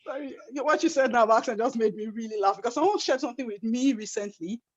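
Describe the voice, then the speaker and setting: A woman chatting on a panel video call, telling stories in a lively, laughing way. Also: a little high, fast talker, husky. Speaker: panel participant. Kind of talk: community panel discussion. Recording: dull lo-fi call audio.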